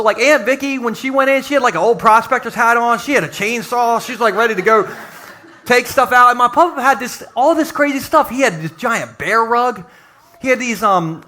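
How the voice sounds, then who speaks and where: Man, pastor, live church sermon, high voice, bright forceful tone, playful storytelling. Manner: lively, joking preaching with acted-out quotes. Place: church sanctuary, live service.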